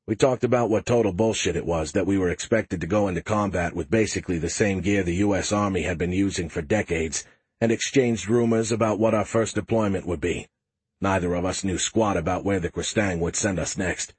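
A man narrating a first-person audiobook in a steady, wry, matter-of-fact way. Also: low voice, fairly quick, slightly rough, no room sound.

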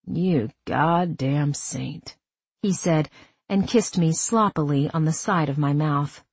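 Female audiobook narrator, low breathy tone, dry close sound, steady first-person reading. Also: unhurried, no echo.

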